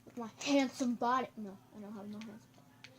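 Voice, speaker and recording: A goofy, excitable gameplay commentator who breaks into sudden loud outbursts, recorded on a camera microphone. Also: mid-range voice, quick pace, a little hiss or hum. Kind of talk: casual let's-play commentary.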